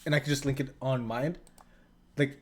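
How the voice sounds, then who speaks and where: A man's voice: mid-range voice, steady tone, brisk. A man co-hosting a podcast in casual chat, leaning heavily on "like" and teasing his co-host. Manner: lots of "like" fillers, teasing.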